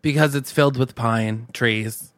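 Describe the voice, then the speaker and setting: A man's voice: medium pitch, a little slow, fairly bright tone, no echo, clean studio sound. A man co-hosting a podcast, improvising a comedic movie scene and acting out bits of dialogue. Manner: narrates a made-up movie scene, acting out lines. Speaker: podcast co-host.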